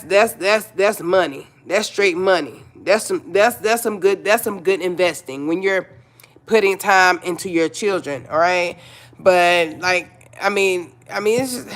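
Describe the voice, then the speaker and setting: A woman's voice: fairly low pitch, a bit bright. Blunt, chatty woman live-streaming. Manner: chatty, blunt, repeats herself, talks to viewers. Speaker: livestream host. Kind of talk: casual live-stream chat.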